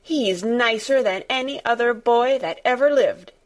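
A woman acting out a stubborn storybook girl with a quick temper, blunt and sour. She speaks slowly but sharply, refusing to back down. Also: fairly high pitch, pitched above the performer's own voice, lightly acted. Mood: fierce. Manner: sharp, obstinate, unsympathetic.

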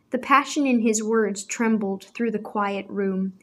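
Woman, audiobook narrator, measured, scripted storytelling. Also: medium pitch, fairly bright tone.

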